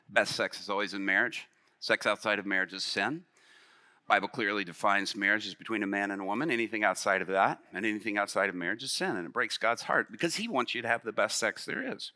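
A man, a pastor, telling a story in a sermon, acting out the dialogue and rising to shouts. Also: lowish voice. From Illinois. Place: church stage.

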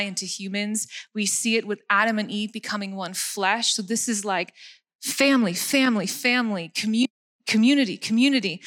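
A woman in her thirties from Canada preaching a casual sermon, chatty, laughing at herself, and repeating key words for emphasis. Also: mid-range voice. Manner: warm chatty delivery with frequent fillers and self-deprecating laughs.

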